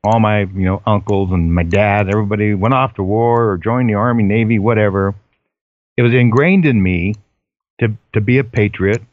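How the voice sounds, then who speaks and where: An older man with a lowish, dry voice tells his stories in an earnest, unhurried way. He stops and restarts often, with plenty of fillers. The sound is a little dull and muffled. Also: no room sound. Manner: earnest storytelling, hesitant fillers. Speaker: guest. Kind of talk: casual chat.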